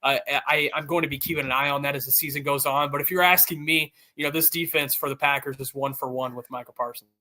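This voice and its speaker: A man speaking as a guest sports reporter in casual conversation. His voice sits a bit high and sounds bright and forward. He talks with energy, peppering his points with fillers and quick restarts. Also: steady tone.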